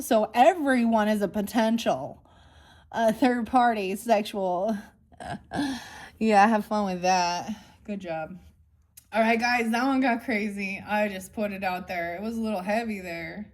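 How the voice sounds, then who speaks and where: A woman's voice: on the high side, a little slow, pauses often, a little mellow. A woman giving a casual tarot reading to her viewers, blunt and mocking, with frequent swearing. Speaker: tarot reader.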